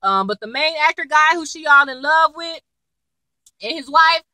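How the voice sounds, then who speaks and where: A young woman casually recapping a TV episode in slangy, animated chat, acting out the characters' lines as she goes. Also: high-pitched, normal speed, no room sound, low-quality recording. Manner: animated, slangy, acts out quotes. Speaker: TV episode reviewer.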